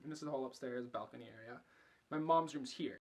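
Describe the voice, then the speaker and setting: A man's voice: mid-range voice, fast, a little mellow. A young man vlogging, telling a story casually and chattily, swearing a lot and filling every sentence with fillers. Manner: chatty, profane, filler-heavy.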